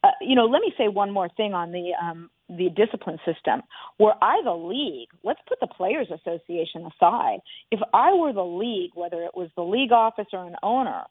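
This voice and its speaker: A woman's voice: mid-range voice, animated, fairly quick, husky, no room sound. A middle-aged woman speaking as a guest analyst on a radio talk show, emphatic and repeating words for stress. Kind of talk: radio show phone interview. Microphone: phone line into radio studio. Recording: tinny phone line.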